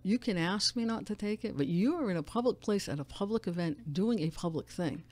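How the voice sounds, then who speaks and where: A woman, a newspaper editor telling stories as a guest in a casual radio interview, animated and full of restarts. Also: mid-range voice, a little fast. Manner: animated storyteller, frequent restarts and laughs.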